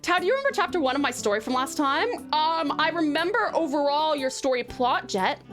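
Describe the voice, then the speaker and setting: A woman's voice: high voice, lively intonation, a little fast, a bit bright, soft background music. A woman streamer with a mixed American and Australian accent, chatting casually and bubbly with her viewers. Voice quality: bubbly and giggly, doting on chat. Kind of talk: casual live stream chat.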